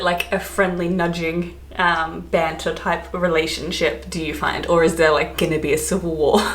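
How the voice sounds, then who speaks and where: Talking to camera in a relaxed, rambling way, an Australian woman who vlogs about travel laughs frequently. Her voice sits on the low side with some brightness, and the room sounds echoey with faint background ambience.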